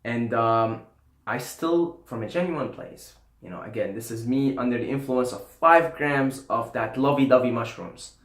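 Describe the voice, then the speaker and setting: A man talking casually to camera about spiritual love, telling a personal story, swearing freely and dropping into soft, low murmurs. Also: normal speed. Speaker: YouTuber. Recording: roomy echo.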